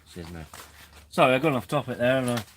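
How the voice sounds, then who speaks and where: A man's voice: mid-range voice, very fast, fairly bright tone, a little hiss or hum. A man in his forties hosting a casual camping live stream from a tent. He rambles, goes off topic and pokes fun at himself. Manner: rambling, chatty, self-deprecating. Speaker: camping channel host.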